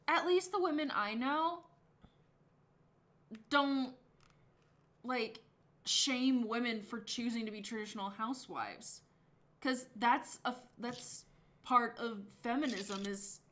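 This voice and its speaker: Sarcastic, high-voiced woman co-host. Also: a bit bright. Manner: exasperated, sarcastic. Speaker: podcast co-host. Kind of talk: casual reaction chat.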